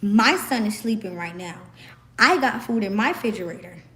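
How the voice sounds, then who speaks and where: A young woman from the American South with a Southern accent, hoarse from screaming, ranting sassily and emphatically to camera. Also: mid-range voice, expressive, normal speed, bright, forceful tone. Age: young adult. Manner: sassy, emphatic, repeats herself. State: hoarse, voice worn out. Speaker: vlogger.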